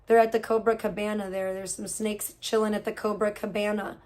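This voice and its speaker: A woman's voice: mid-range voice, level tone, a little fast, darkish tone. A woman livestreamer in casual talk, profane and gossipy, venting at length about other streamers.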